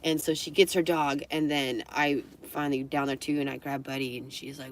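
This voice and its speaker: A young woman chats to her live stream in a rambling, laughing storytelling voice, now and then acting out the people in her stories. Her voice sits a little low for a woman. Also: steady tone, a little fast, few pauses. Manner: chatty, laughs often, acts out quoted voices.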